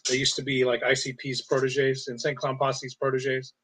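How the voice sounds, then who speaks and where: A man co-hosting a casual chat, telling stories with lots of swearing and jumping into a high voice to act out what others said. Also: moderate pace, background noise. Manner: animated storyteller, acts out quotes in a high voice, swears. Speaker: podcast co-host.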